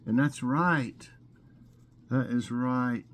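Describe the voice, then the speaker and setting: A man hosting a casual vlog, reading trivia questions aloud and thinking out loud with fillers. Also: medium pitch, extremely slow. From Scotland. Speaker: vlog host.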